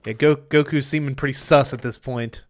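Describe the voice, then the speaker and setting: In a casual gameplay stream, a man addresses his chat with wry, mock-formal phrasing and often mutters under his breath. His mid-range voice is a little mellow, with fairly even intonation and a moderate pace.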